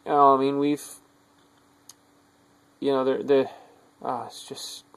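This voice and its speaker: A man with a gravelly, rough edge to his voice delivers a bitter, profanity-laced rant to the camera. He drifts between low, weary muttering and sudden angry shouts, full of contempt for his listeners. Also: level tone, slow pace, poor audio. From United States. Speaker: video diarist. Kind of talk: angry rambling monologue.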